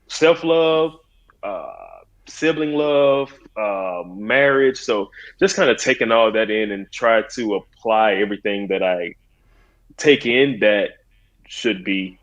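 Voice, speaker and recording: A man's voice: lowish voice, a bit bright. A man in his thirties, a podcast guest, talking in an earnest, rambling way with lots of "like". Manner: earnest, rambling, frequent "like" and "so it's like". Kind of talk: casual conversation. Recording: dull lo-fi sound.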